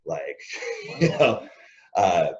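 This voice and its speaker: Low guy with a mellow voice, chatty interview guest, dull lo-fi call audio. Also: drawn-out words, a crowd in the background. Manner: animated anecdotes, acts out quoted lines, chuckles often. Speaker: interview guest, former wrestler. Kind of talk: casual storytelling interview.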